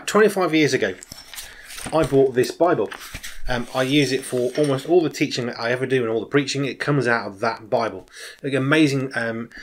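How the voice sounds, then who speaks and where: This sermon is a personal testimony from a children's minister, a man in his forties. He speaks in a mid-range voice, informally and with animation, often swinging emphatically between loud and soft.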